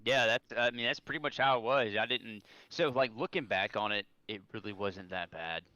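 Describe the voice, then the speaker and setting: A man's voice: fairly low pitch, moderate pace, bright, forceful tone, dry recording, highs cut off. A young man, a serving soldier, rambling through a story as a podcast guest, full of restarts and acted-out quotes. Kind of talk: casual storytelling over beers.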